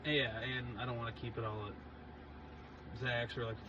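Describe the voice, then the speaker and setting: A man hosting a podcast in casual chat, throwing in quick jokes. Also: mid-range voice, little pitch movement. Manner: joking, throws in quick quips. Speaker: podcast host. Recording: dull lo-fi sound with clear background noise.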